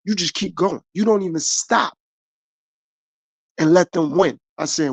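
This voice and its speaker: In his motivational podcast monologue, this middle-aged host from the United States keeps circling back earnestly over his own life story. He sounds on the high side, creaky and slightly rough, going a little slowly with frequent pauses, and the recording is dry.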